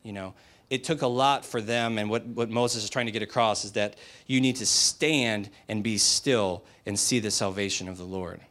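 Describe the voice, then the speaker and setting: A man's voice: lowish voice, normal speed, fairly bright tone. Emphatic conversational male preacher. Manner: emphatic, direct, conversational, rhetorical questions. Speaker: pastor. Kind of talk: sermon.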